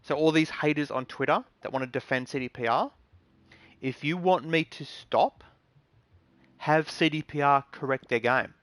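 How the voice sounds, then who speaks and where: A man's voice: fairly high pitch, moderate pace, a bit bright, no echo. A man hosting a casual gaming vlog, ranting in a rambling, aggrieved way with lots of ums and restarts. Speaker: gaming channel host.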